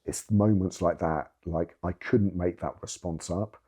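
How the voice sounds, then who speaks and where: A man with a low, husky voice, speaking in an interview. He tells his story candidly and earnestly, leaning hard on words and swearing for emphasis. His tone is dark and mellow. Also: unhurried. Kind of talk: candid personal testimony.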